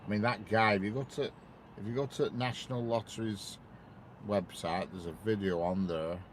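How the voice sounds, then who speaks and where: Man, lower voice, loose rambling live-stream chat with viewers. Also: moderate pace, slight background noise. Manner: rambling, chatty, greets viewers by name. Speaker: train-spotting live streamer.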